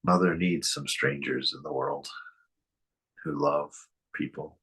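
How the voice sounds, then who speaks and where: Low, husky-voiced man giving gentle spiritual talk. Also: fairly even intonation, slow. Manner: gentle, asks many rhetorical questions, chuckles often. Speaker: spiritual teacher giving commentary.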